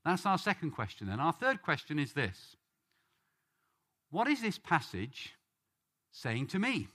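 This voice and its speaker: Lively-pitched British man preaching. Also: unhurried. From Britain. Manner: earnest, rising on questions and names. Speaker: preacher leading a Bible study. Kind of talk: sermon-style Bible teaching.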